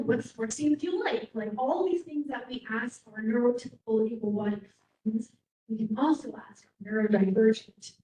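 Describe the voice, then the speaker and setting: A woman's voice: fairly high pitch, mellow, a little hiss or hum. A woman with a Canadian accent giving a casual, frank keynote speech, stressing points by repeating them. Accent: Canadian English. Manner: casual and frank, with quick laughs and emphatic repetition. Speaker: keynote speaker. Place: large hall. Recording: echoey hall, mic at a distance.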